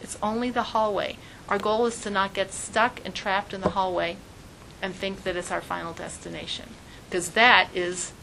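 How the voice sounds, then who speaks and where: Animated woman giving a spiritual talk. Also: mid-range voice, vocal fry, slight background noise, rough recording. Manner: animated storytelling, frequent "like". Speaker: religious teacher.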